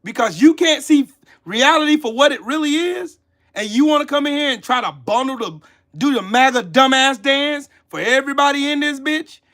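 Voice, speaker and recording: A man ranting on a livestream. His voice sits very high and swings widely in pitch. He is heated and profane, lashing out at his viewers between sighs and mutters. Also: lively intonation, moderate pace, bright, forceful tone. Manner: heated, profane, scolding the chat. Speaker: channel host. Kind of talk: livestream commentary rant.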